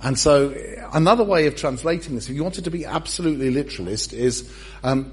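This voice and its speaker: A man's voice: fairly high pitch, expressive, brisk, husky. A male pastor preaching a sermon, humorous and self-deprecating as he tells the story.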